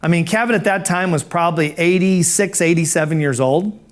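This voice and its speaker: High-voiced man telling an animated story. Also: fairly quick. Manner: animated, acts out dialogue, self-amused. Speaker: professional speaker. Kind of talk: personal storytelling.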